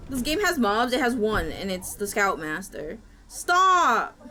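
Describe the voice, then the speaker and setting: High, lively woman streamer hamming it up. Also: measured pace, a little hiss or hum. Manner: dramatic, playful, shrieks and wails in mock panic. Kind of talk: live-streamed gameplay with friends.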